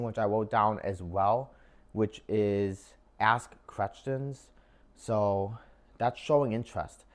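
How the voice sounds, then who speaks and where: A young man casually giving job interview advice to his viewers, chatty and full of filler words. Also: fairly low pitch. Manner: chatty, lots of "like" and "um" fillers, addresses viewers as guys. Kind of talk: casual advice talk to camera.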